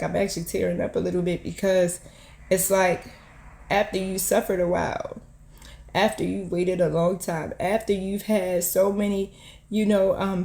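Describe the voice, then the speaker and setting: A woman's voice: medium pitch, mellow, roomy sound. A woman hosting her own channel, giving a heartfelt, encouraging prophetic word to camera in an earnest way, often repeating herself and saying "you know".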